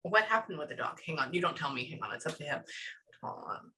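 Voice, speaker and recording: A bright, forceful woman's voice, talking fast and loose as a psychic medium during a casual reading. She rambles animatedly and keeps breaking off with quick asides before picking up the thread again. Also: low voice, slight background noise, low-quality recording. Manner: chatty, animated, stops herself with frequent asides. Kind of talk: casual reading session with a client.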